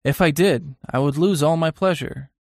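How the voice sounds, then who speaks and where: A man's voice: fairly high pitch, normal speed, vocal fry, no echo, studio quality, pitched above the performer's own voice. A man reading an earnest, uneasy young painter.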